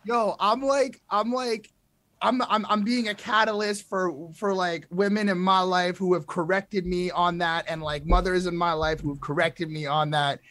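Emphatic young man, higher voice. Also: flat delivery, moderate pace, a bit bright, no echo. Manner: emphatic, blunt, stammering restarts. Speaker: podcast co-host reviewing music. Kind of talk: casual album review chat.

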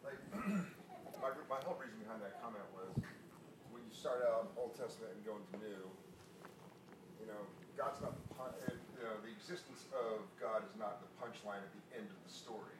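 A man taking part in a class discussion, speaking haltingly with many restarts and fillers. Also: lowish voice, fairly even intonation. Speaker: class participant. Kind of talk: casual discussion. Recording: roomy, distant, noisy room.

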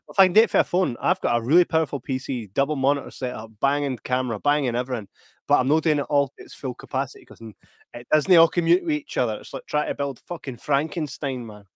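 Sweary laughing Scottish podcast host. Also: male voice, mid-range voice, fast, no echo, clean studio sound. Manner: sweary, laughing, animated storytelling. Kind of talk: casual chat.

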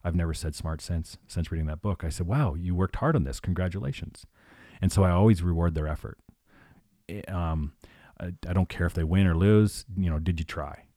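A very low, mellow-voiced man in his forties speaks as an interview guest. He talks earnestly and thoughtfully, circling back over his words, on a dry close mic. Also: dry recording. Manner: reflective, earnest, repeats himself. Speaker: coach. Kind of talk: conversational interview.

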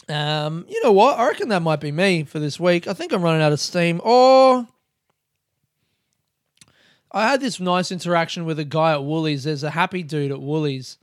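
A man's voice: fairly high pitch, clean tone, no echo, studio quality. A young man hosting a podcast, rambling, self-mocking and swearing often as he talks alone. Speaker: podcast host. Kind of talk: casual solo monologue.

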